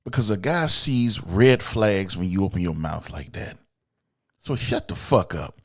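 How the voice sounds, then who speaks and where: A man hosting a podcast, delivering a blunt, profane, opinionated monologue aimed at women, swinging between loud outbursts and low asides. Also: lively intonation, unhurried. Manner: blunt, profane and emphatic, addressing women directly. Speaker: podcast host.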